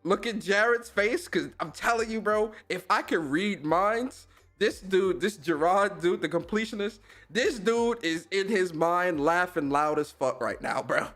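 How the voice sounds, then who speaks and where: A man's voice: high-pitched, unhurried. A young man hosting a podcast, reacting to clips in casual, slangy commentary and laughing often. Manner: animated, slangy, laughs a lot.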